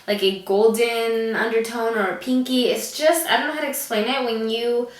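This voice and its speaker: Breathless chatty woman vlogger, slightly high voice, set back from the mic in an echoey room. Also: steady tone, normal speed, distant mic. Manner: chatty, lots of fillers. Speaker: beauty vlogger. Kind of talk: casual chat to camera.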